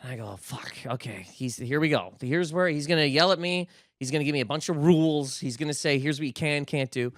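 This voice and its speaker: A man's voice: on the high side, fairly quick, no echo, studio quality. A young man from Nova Scotia, a guest comedian telling a story in casual podcast talk, acting out quotes and swearing freely. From Canada, Nova Scotia.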